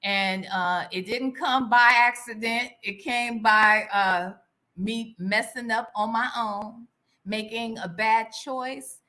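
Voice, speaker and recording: This livestream host's fairly high, pushed, bright voice stays steady at a slow pace. Chatting casually, she greets viewers by name, keeps finishing lines with "all right?", and sometimes whispers gossipy asides.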